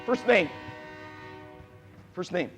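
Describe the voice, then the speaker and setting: A man coaching a youth basketball clinic, quizzing the players and repeating key points with animated energy. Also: high voice, very slow, in a large hall, faint music behind. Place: gym with players on court.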